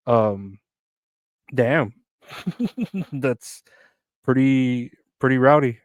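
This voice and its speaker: A man's voice: medium pitch, steady tone, moderate pace, a little mellow, smooth, no room sound, studio quality. Crude rambling male podcast host. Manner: crude, rambling, jokey, reads news aloud and riffs on it. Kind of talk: solo comedy podcast, casual rambling.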